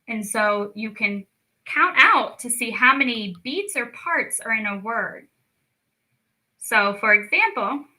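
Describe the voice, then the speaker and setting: Young woman teaching little kids, kinda high voice, super slow and encouraging. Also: sharp tone, rough recording. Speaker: speech clinic storytime teacher. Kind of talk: children's lesson.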